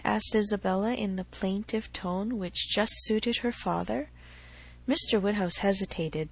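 A woman narrating a classic novel in a measured, even reading voice. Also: medium pitch, creaky, slightly rough, rough recording. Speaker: audiobook narrator.

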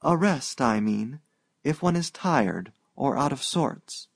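A man's voice: medium pitch, animated, takes it slowly, vocal fry, voice pushed up, full character voice. A man voicing a reserved older society lady. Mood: calm. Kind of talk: audiobook reading.

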